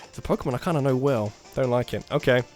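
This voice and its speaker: A man giving casual commentary over his own gameplay, muttering through his plans and then breaking into loud, laughing bursts. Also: mid-range voice, fast talker, faint music behind. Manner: excitable, jumps between muttered strategy and loud bursts, laughs often. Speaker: let's play gamer.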